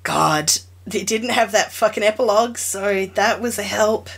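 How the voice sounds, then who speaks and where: A woman's voice: mid-range voice, moderate pace, vocal fry, fairly bright tone, slightly rough. Female podcast co-host, casual and blunt, exasperated, swears freely. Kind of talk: casual chat.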